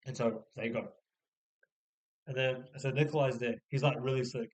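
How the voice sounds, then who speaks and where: A man casually summarizing a novel, rambling with many filler words and restarts, sometimes putting on quick voices for the characters. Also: medium pitch, fairly even intonation, low-quality recording. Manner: slips into short mock voices for the characters. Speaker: book reviewer. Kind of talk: casual spoken book summary.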